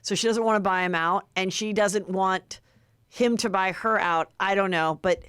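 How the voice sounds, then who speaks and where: A woman host of a chat podcast, talking in a lively, gossipy way and slipping into voices as she quotes people. Her voice sits at an ordinary middle pitch. The mic is close and dry, with no room sound. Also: normal speed, clear, resonant tone, no room sound. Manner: chatty, animated, acts out quotes in put-on voices.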